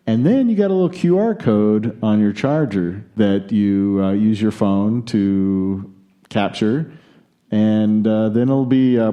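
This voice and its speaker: An American man hosts a casual podcast and chats through the news. His voice is very dark and mellow and sits fairly low. He drifts into jokey, opinionated asides. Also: lo-fi sound. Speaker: podcast host.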